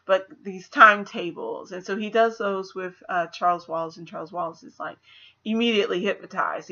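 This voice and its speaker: A woman's voice: on the low side, creaky. Chatty woman reviewing a movie. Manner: chatty and animated, acts out quotes with laughs. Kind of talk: casual spoiler movie review. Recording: slightly dull lo-fi audio.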